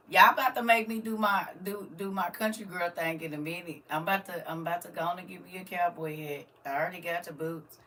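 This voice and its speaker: A middle-aged woman hosts a casual live stream, talking straight to her viewers. Her voice is bright and sharp, and she swings between soft, musing asides and loud, animated bursts, laughing often. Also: fairly low pitch, quick pace, hardly any pauses. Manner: chatty, laughs often, addresses viewers directly. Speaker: livestream host.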